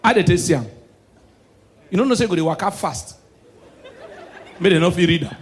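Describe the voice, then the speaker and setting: A man with a Nigerian accent performing stand-up comedy. He mixes Pidgin and English and swings between murmured asides and shouted punchlines. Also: high-pitched, expressive, brisk, a little hiss or hum.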